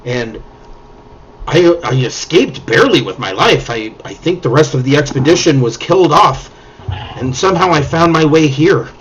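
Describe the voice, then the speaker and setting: A man voicing a timid, scatterbrained woman mage who talks to her toad in a hushed, halting, stammering way. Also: on the high side, husky, muffled recording.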